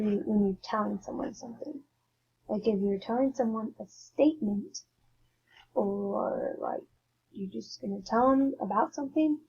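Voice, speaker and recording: A woman's voice: mid-range voice, dark tone, slight background noise. A woman giving a mock classroom lesson as a teacher, talking casually with many filler words. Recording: dull lo-fi with faint ambience.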